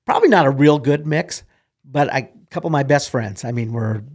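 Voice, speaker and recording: Gravelly older man telling stories. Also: medium pitch, animated, a little fast, darkish tone. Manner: folksy, rambling, chuckles as he tells stories. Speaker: guest, retired military officer. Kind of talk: casual storytelling in an interview.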